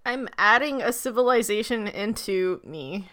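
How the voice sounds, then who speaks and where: A woman co-hosts a casual travel podcast, and her voice is bright and crisp. She trades quick, playful teasing with her co-host in loose, easygoing chat. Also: mid-range voice, expressive. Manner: playful, quick teasing banter with frequent laughs.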